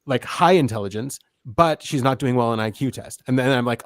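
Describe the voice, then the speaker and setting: A man's voice: mid-range voice, a little fast, few pauses, no echo, studio quality. A man casually hosting an online group call, welcoming people in an easygoing way. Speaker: host.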